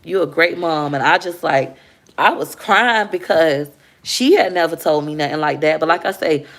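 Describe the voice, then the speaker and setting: A woman speaks candidly to her livestream viewers about motherhood. Her voice sits low with a gravelly fry. She talks with heartfelt openness and calls the audience y'all. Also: normal speed, fairly bright tone. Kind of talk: emotional personal storytelling on a livestream.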